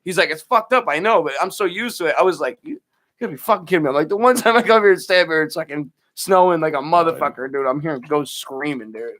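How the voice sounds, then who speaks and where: Radio co-host, man, high voice, rapid-fire profane storyteller. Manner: animated, profane, acts out quoted voices. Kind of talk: casual storytelling. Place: radio studio.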